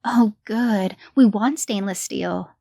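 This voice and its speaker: A woman voicing an excitable female house buyer in a horror story reading, gushing and chatty. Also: mid-range voice, slow pace, creaky, no echo.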